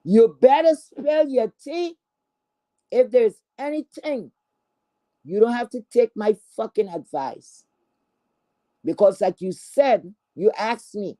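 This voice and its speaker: A fairly high, warm, expressive voice moves at a slow pace as this streamer rants furiously with plenty of swearing. She confronts and mocks her target, repeating herself and restarting mid-stammer.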